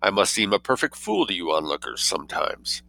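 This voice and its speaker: A modest angel disguised as a politician, read by a man, wistful and self-deprecating in tone. The voice is low yet bright and recorded dry and close. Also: very animated, a little fast, gravelly, no room sound, exaggerated voice. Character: meek angel posing as a minister.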